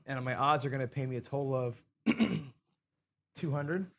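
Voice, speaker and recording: A man's voice: mid-range voice, measured pace, a little hiss or hum. Exasperated man swearing at his own mistakes. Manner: swears and scolds himself over mistakes; frustrated, self-deprecating. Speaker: craps show host. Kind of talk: live casual chat while playing.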